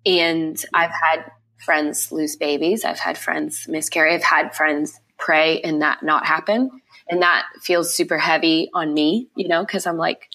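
A young woman with a low-set voice tells a personal testimony as a podcast guest. She talks with raw emotion and repeats phrases as she relives events. The delivery is an unscripted interview retelling. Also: fairly bright tone.

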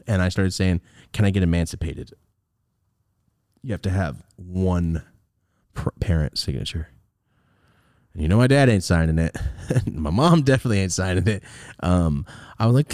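A young man telling a story on his podcast in a casual, animated way, swearing and acting out the lines of the people he quotes. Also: low voice, a little fast, dry recording, studio quality. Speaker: podcast host.

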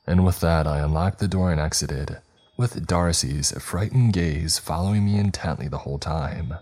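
A man narrating a first-person horror story in a steady, scripted storytelling manner. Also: a bass voice, normal speed.

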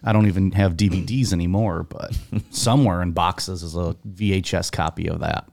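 A man's voice: deep voice, steady tone, normal speed, creaky, a little mellow. A man co-hosting a podcast, chatting casually with jokes and rambling asides. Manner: joking, rambling, full of fillers and restarts. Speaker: podcast co-host. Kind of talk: casual banter.

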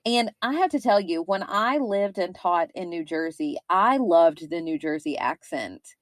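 A woman in her thirties with a Kentucky accent talks through a case in a casual, rambling podcast style, with plenty of fillers. Her voice sits a little low. The sound is dry and close. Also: animated, unhurried, no echo. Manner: chatty, rambling, with frequent fillers. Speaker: podcast co-host. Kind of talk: casual true-crime podcast chat.

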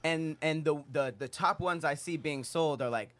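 A man's voice: fairly high pitch, normal speed. A man hosting a casual podcast chat, joking and laughing often. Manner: laughing, animated, jokey. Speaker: podcast host. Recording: loud background hiss.

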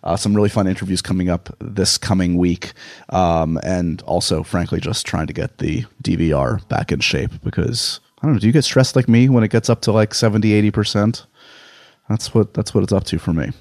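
A New York man with a somewhat low voice talks casually as a podcast host. He rambles and pokes fun at himself in a loose, chatty monologue. The sound is dry, with no room echo. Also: brisk, a little mellow. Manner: rambling, self-deprecating, chatty.

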